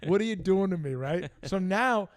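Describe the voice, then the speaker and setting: A man co-hosting a live sports talk show, telling an animated story with frequent laughter. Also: sits high, moderate pace, no echo. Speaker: co-host. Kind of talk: casual chat.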